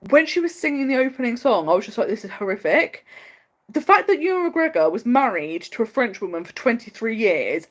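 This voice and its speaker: A woman hosting a casual livestream, chatting in a loose, rambling way. Her fairly high voice swoops up and down with lots of animation. She is opinionated and laughs often. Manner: chatty, fast-flowing, many "like" fillers. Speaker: livestream host.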